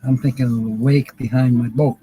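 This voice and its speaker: An older man chats casually while hosting a word game on livestream, chuckling frequently as he names viewers. He speaks at normal speed in a medium, steady, warm voice. The audio is poor, with slight background noise.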